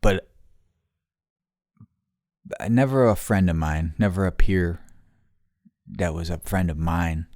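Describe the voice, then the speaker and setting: A middle-aged man on a podcast, casually telling a profane, animated story full of quoted voices. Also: sits low, slow, pauses often, no echo, clean studio sound. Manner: profane, animated retelling with quoted voices, turning quiet and somber. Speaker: podcast host.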